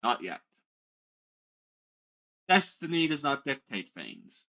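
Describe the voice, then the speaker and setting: Dude voicing an old dragon lady, slow and solemn, muffled sound. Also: medium pitch, huge pitch swings, vocal fry, pushed and bright, heavily acted. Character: ancient female dragon, grateful and solemn.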